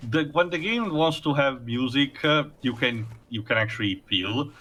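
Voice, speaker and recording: A man's voice: medium pitch, animated, moderate pace, bright, forceful tone, slight background noise. A man hosting a let's play, rambling through gameplay commentary with many fillers.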